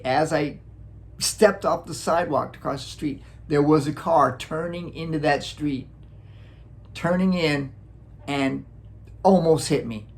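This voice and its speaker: A man from Wisconsin casually telling a childhood story, animated, acting out sounds and chuckling often. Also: on the high side. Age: adult, looking back on childhood. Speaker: vlogger.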